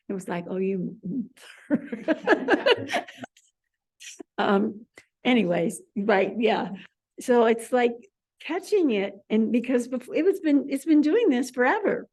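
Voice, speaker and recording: Expressive woman leading a spiritual class. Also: mid-range voice. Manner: animated, repeats words as sound effects. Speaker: class leader. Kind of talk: spiritual study class discussion.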